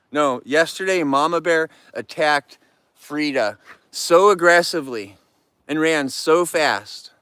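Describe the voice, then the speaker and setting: A man hosts a livestream from his yard, joking and chatting playfully with viewers. His fairly high voice is a bit bright and clean, and the recording is dry.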